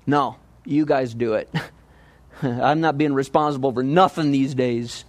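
A man acting out a shirking prophet who talks in a low, lazy, dismissive drawl. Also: a little slow, dry recording, close to an everyday voice. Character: lazy evasive male prophet dodging blame.

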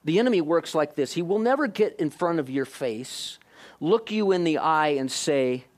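A man preaching a sermon, questioning his listeners directly and moving between hushed and emphatic delivery. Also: a little high, lively intonation, moderate pace. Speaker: pastor.

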